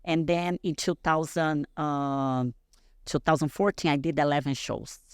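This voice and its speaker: A woman in her thirties from Brazil, speaking English with a Brazilian accent as a podcast guest, telling a story in an animated way and acting out the other people in it. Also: low voice, unhurried, smooth, dry recording, clean studio sound. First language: Portuguese. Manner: animated, acts out quoted dialogue in a raised voice. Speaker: guest athlete. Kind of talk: casual interview storytelling.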